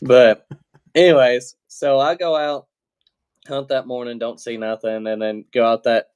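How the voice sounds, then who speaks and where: A podcast guest with a clear, resonant, medium-pitched voice recounts a story at a measured pace. He keeps it relaxed and plainspoken, stumbling through fillers and restarts and cursing casually from time to time.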